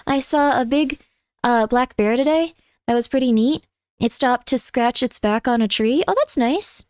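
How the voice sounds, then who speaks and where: A woman's voice: fairly high pitch, normal speed, a little mellow, clean tone, dry recording, studio quality. A woman livestreamer in casual chat, rambling and breaking off her own sentences while she reads out viewer messages. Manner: rambling, scattered, self-interrupting.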